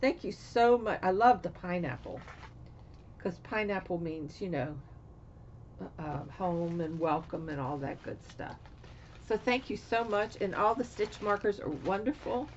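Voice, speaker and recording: A woman's voice: fairly low pitch, unhurried, highs cut off, slight background noise. A woman from Florida showing off her craft supplies in a casual, gushing chat, often trailing off with fillers. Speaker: craft vlogger. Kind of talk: casual show-and-tell chat.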